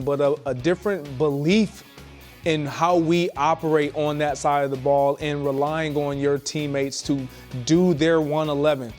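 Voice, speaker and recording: Emphatic higher-voiced sports pundit man. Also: a little mellow. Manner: emphatic and opinionated. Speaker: sports talk co-host. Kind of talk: sports debate talk.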